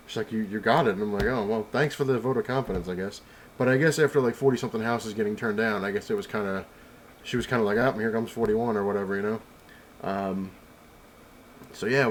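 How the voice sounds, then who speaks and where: A young man talks quickly into his camera mic at home, rambling through a story with plenty of fillers and restarts. His voice sits fairly low, and a faint noise hangs under the recording. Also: low-quality recording. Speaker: vlogger. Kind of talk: casual storytelling.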